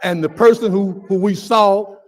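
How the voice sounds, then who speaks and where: Guy speaking at a council meeting, kinda high voice, firm and outraged, stressing every point. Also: fairly even intonation, normal speed, rough recording. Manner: emphatic and indignant. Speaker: resident speaking at public comment. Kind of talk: public comment speech. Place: city council chamber.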